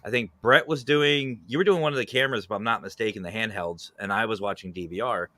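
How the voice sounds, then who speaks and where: A man chats and tells a ghost-hunting story with a bright, forceful tone. He laughs easily and acts out the lines of others, recorded close and dry. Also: on the low side, fast talker, no room sound. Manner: laughs often, acts out quotes. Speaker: paranormal podcast host. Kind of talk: casual banter, storytelling.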